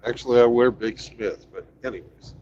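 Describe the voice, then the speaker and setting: A man's voice: medium pitch, moderate pace, a little mellow. A man streaming on a headset mic, talking in a laid-back, matter-of-fact, profane way. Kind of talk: casual stream chat. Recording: dull, slightly noisy stream audio.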